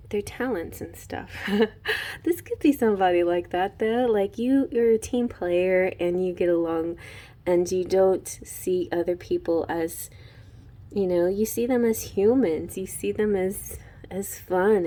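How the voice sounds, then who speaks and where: A woman's voice: fairly low pitch, mellow. A woman giving a casual tarot reading, gushing and emotional, laughing often and trailing off into fillers and restarts. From Houston, Texas. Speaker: tarot reader.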